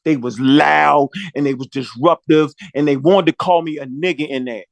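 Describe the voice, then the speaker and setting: A man's voice: fairly high pitch, moderate pace, vocal fry, dry recording. A man telling a long story in a profane, slangy way, acting out the quotes as he goes. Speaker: podcast talker. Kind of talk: animated storytelling monologue.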